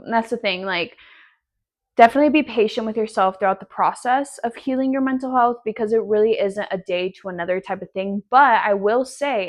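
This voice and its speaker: Sassy, foul-mouthed young woman podcaster. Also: mid-range voice. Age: 20s. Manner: sassy, profane and rambling. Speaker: podcast host. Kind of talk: casual solo podcast chat. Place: at home in her apartment.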